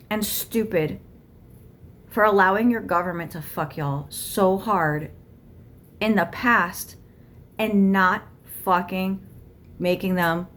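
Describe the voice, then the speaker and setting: A woman's voice: medium pitch, fairly bright tone. A woman tarot reader channeling a spirit guide, ranting bluntly with heavy swearing and arguing back and forth with herself. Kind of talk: channeled spiritual rant to camera.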